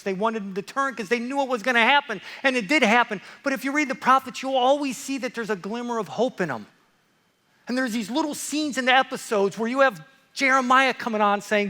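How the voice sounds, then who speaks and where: A man preaching a lively sermon, playful and animated, swinging from loud excitement to hushed asides. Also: sits high, long reverb tail.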